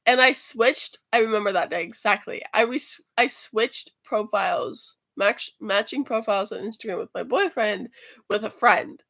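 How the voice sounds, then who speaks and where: A woman's voice: mid-range voice, normal speed, vocal fry, fairly bright tone. A woman casually telling a rambling story about her school week, swearing freely and trailing off into fillers and restarts. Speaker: student vlogger.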